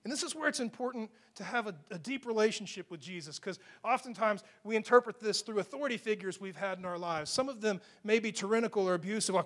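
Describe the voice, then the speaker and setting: A man's voice: sits high, fast, few pauses, a bit bright. A man preaching a sermon into a microphone, talking in a conversational, emphatic way and putting questions to his listeners. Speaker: pastor.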